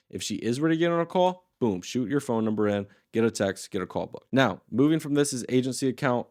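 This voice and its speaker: A man's voice: lowish voice, darkish tone, dry recording, clean studio sound. A man in his twenties teaching a casual tutorial, talking in a loose, slangy and blunt way. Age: 20s. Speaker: course host.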